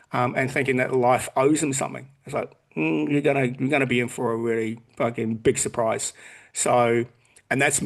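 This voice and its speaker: A man in his forties with a creaky mid-range voice guests on a podcast in casual conversation. He's blunt and swears heavily, acting out what other people said.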